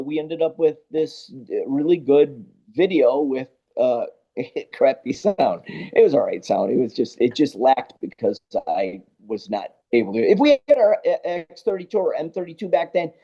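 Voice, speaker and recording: A man, a guest sound engineer, telling stories in a casual interview, animated and acting out both sides of conversations. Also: on the high side, a little slow. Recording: dull lo-fi podcast audio.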